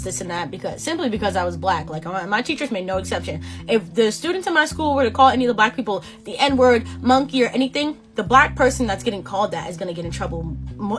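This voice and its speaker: A woman in her twenties from Boston, telling a casual storytime vlog in a sassy, slangy, animated way. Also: medium pitch. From Boston, USA. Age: 20s. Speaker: beauty vlogger.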